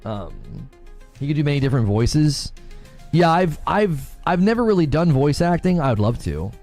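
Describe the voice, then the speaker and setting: Brief: male podcast guest, polished and measured, expressive pitch, faint background music. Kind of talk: casual podcast chat.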